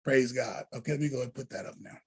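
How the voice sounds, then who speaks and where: A man who is a deacon, teaching a college prep lesson to students in an animated, preacher-like way over a video call. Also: mid-range voice, fast, creaky, husky.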